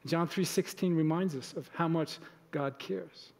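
A man's voice: fairly high pitch, unhurried, vocal fry, big-room sound. A male pastor giving a conversational sermon in a church, sometimes acting out short everyday exchanges. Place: church sanctuary.

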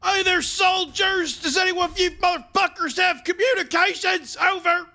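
Man doing a shrill, bright-voiced drill commander, profane, shouting every line in game role-play. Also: normal speed, gravelly, faint music behind, full character voice. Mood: furious yelling. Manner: yelling over comms, cursing, ends calls with "over". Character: bellowing foul-mouthed male squad commander. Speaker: streamer.

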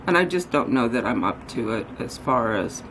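With a bass voice that's animated and at normal speed, a woman vlogger chats casually over a noisy background. She rambles and jokes at her own expense while out running errands, then at home.

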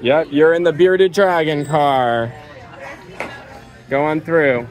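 A woman's voice: deep voice, takes it slowly, darkish tone, soft background music, poor audio. A woman vlogging a family day at an outdoor zoo, playfully teasing and chatting with her kids. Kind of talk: casual family vlog chat.

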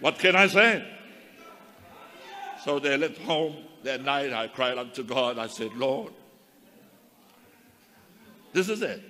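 Fervent, bright-voiced male preacher. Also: medium pitch, animated, slow, long pauses. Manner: fervent preaching, addresses the congregation as saints. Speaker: minister. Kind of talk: testimony sermon. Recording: long hall reverb with faint crowd.

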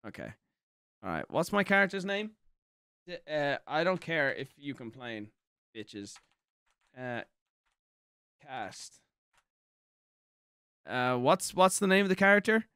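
A man's voice: fairly high pitch, big pitch swings, takes it slowly, long pauses, sharp tone, smooth, no room sound. A young Irishman streaming a game, ranting and swearing, laughing often in casual commentary. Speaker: gaming streamer.

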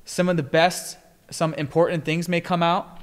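A man's voice: fairly high pitch, normal speed. Man, podcast host, casual rambling chat, lots of fillers, long reverb around the voice. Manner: rambling, heavy filler words, animated when telling stories.

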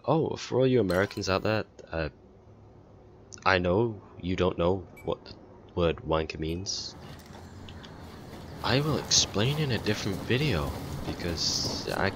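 A young British man commenting casually on his own gameplay, excitable and quick to swear and shout at the game. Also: sits low, background noise. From Britain.

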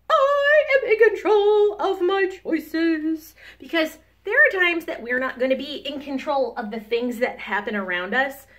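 Gentle woman teacher talking to kids. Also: a little high. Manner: patient, encouraging, speaks to young children; calm, soothing guidance. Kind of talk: teaching a children's lesson on camera.

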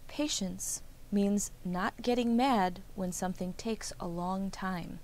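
A woman voicing a patient, kindly father in a children's story, speaking calmly and instructively. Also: medium pitch, slow, slight background noise, low-quality recording. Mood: gentle. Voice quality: calm, instructive. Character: patient, kindly father who prints a newspaper.

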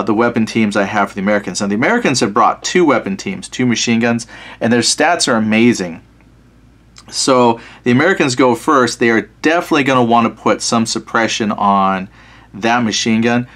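Relaxed man thinking aloud over a wargame. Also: on the low side. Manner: thinks aloud while reading out scenario text. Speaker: board wargame player and channel host. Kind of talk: casual solo board game playthrough.

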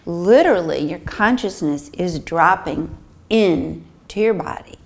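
Slow, low-voiced woman teaching meditation. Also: expressive, creaky. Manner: soothing, demonstrates breaths and sighs aloud. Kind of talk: guided meditation instruction.

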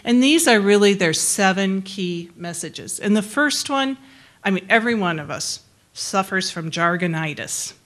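A woman's voice: mid-range voice, lively intonation, moderate pace, fairly bright tone. A middle-aged woman giving a conversational presentation to a forum as a public health researcher, plain-spoken and friendly, laughing easily between points.

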